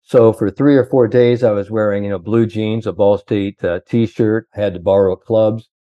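A man's voice: lowish voice, steady tone, normal speed, no echo, dull audio. An older man, a sports psychologist, telling long rambling anecdotes full of "you know".

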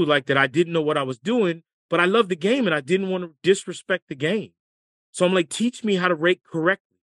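Lively higher-voiced man telling stories. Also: no room sound, clean studio sound. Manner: lively storyteller, laughs through his anecdotes. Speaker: podcast guest, former caddie and comedian. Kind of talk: casual storytelling interview.

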